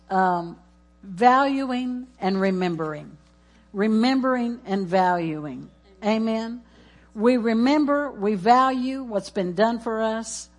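Woman, preacher, church sermon, exuberant, slow-paced. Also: a little high. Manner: exuberant, laughing, chanting.

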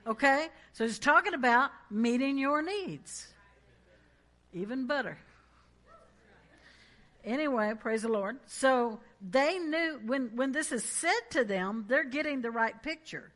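Emphatic woman preacher, slightly high. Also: lively intonation, a little slow, pushed and bright. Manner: emphatic, conversational, prompts congregation. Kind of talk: sermon.

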